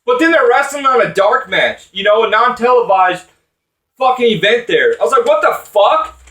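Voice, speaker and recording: A man's voice: very high-pitched, expressive, moderate pace, sharp tone, reverberant, far from the mic. Angry swearing man ranting off-mic. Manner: swearing, frustrated, rambling with restarts. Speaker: wrestling commentator vlogger. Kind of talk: angry profane rant.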